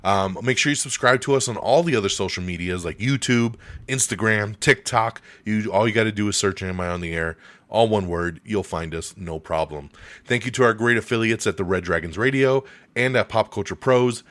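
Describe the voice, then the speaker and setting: A man's voice: on the low side, moderate pace, fairly bright tone, dry recording. A man hosting a casual entertainment news podcast in a chatty, upbeat way, his voice getting scratchy. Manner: chatty, upbeat sign-off, many fillers. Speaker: podcast host.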